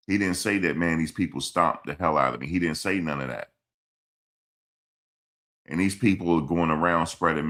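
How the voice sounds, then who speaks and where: A man's voice: sits low, bright, forceful tone. A man hosting a casual live stream, reading chat comments and answering them in a blunt, repetitive, scolding way. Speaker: livestream host reading chat. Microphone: streaming mic.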